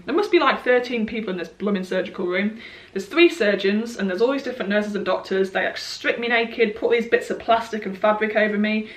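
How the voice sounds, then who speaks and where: A candid young woman tells a story in a chatty, self-mocking vlog style. Her voice sits fairly high. The room around her echoes. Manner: lively, candid, quick to laugh at herself. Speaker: vlogger. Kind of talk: casual storytime monologue.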